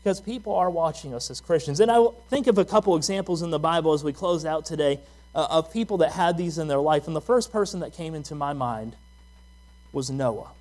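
Conversational male pastor, slightly high voice. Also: fairly quick, a little mellow. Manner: conversational preaching with personal stories and rhetorical questions. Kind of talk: sermon.

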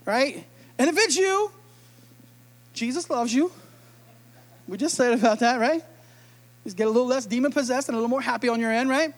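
A man's voice: extremely high pitch, expressive, moderate pace, pauses often. A man preaching a sermon in a humorous, conversational way, acting out quotes. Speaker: pastor.

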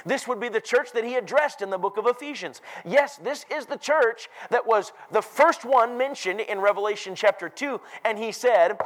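A man preaching a sermon, emphatic and rising to loud declarations. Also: very high-pitched, moderate pace, hardly any pauses, low-quality recording.

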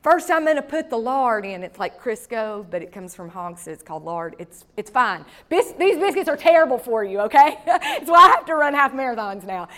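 A woman's voice: a little high, sing-song, a little fast, hardly any pauses, bright, forceful tone. Woman, pastor, sermon, storytelling, folksy asides, thirties.

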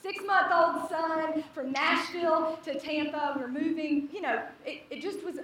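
A young woman telling a funny personal story to a live audience, animated and laughing as she acts out the people in it. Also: sits high, unhurried, a little hiss or hum. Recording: echoey hall, distant mic, audience.

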